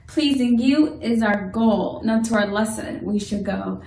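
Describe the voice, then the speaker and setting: A woman leading a rhymed opening prayer in a measured, sing-song way. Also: a little high, gravelly, darkish tone. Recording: echoey room, voice from off-mic.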